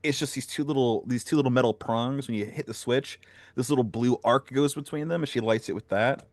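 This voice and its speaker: A man's voice: mid-range voice, fairly quick, dry recording. A man playing a tabletop game who casually narrates his character's actions, swearing a lot. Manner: profane, laughing, describing actions.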